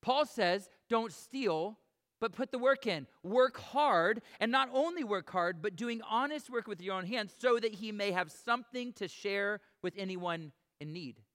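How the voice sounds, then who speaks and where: A man's voice: sits high, lively intonation, measured pace, fairly bright tone, clean tone. A man preaching a sermon to his congregation, earnest and conversational, asking the room direct questions. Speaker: pastor. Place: church sanctuary before a congregation.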